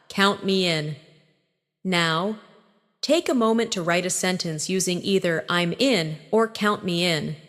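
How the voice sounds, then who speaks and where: Woman, scripted lesson narrator, clear and instructive, animated pitch, recorded with noticeable reverb. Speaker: English teacher.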